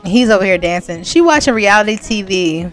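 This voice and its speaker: A woman's voice: medium pitch, expressive, brisk, faint music behind. Chatty woman commentating on her game. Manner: chatty, laughs often, addresses viewers as y'all. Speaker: gaming channel host. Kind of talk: casual let's-play commentary.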